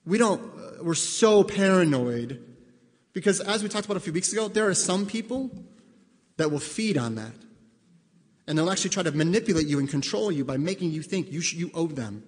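A man's voice: a little high, animated, a little fast, big-room sound. A male pastor preaching in a conversational way, asking the congregation direct questions and acting out both sides of conversations. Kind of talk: sermon.

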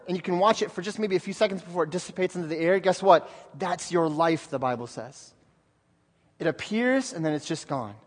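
A man preaching a sermon as pastor, fervent, swinging between loud bursts and hushed asides. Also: sits high. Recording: long reverb of a church hall.

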